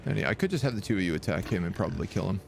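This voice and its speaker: A man's voice: low-pitched, expressive, rapid-fire, gravelly, background noise. A man streaming a strategy game, chatting casually and reading game text aloud. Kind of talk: live gameplay commentary.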